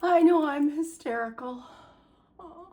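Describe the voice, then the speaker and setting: A woman's voice: high-pitched, unhurried, darkish tone. A woman at home cooing baby talk to her pet bird, teary and giggling with happy emotion.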